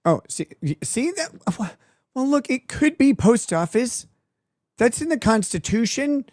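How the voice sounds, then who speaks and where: A woman's voice: fairly high pitch, sing-song, a little slow, a little mellow, dry recording, clean studio sound. Laughing, sarcastic woman streamer. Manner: laughing, sarcastic, swears freely. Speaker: streamer host. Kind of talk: live-stream reaction commentary.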